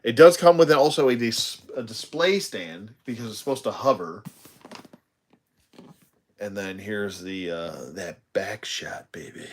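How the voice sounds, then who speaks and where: A man's voice: on the low side, a bit bright. A tired man chatting casually while he unboxes a toy live, rambling with self-deprecating asides. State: tired, yawning.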